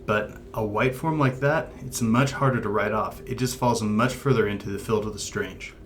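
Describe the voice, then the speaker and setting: A man co-hosting a paranormal discussion show, explaining things in a measured, thoughtful way. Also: fairly low pitch, slight background noise. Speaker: paranormal podcast co-host. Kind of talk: casual discussion.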